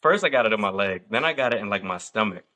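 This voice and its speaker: A man in his thirties hosting a casual podcast chat, telling stories with lively acted-out quotes. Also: on the low side, quick pace. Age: 30s. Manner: animated storyteller acting out quotes. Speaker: podcast host.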